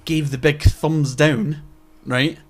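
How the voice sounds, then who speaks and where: Young male podcast co-host, high-ish voice, animated and profane, restarts his sentences. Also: slow pace. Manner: animated ranting, frequent swearing and stammered restarts. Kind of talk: casual profane chat.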